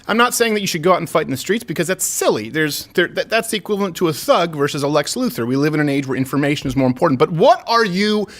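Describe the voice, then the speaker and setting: A male talk show host riffs in a joking, animated way from a studio. His voice sits a bit high and swings widely in pitch. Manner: animated and joking, with quick asides. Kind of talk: comedic political talk show.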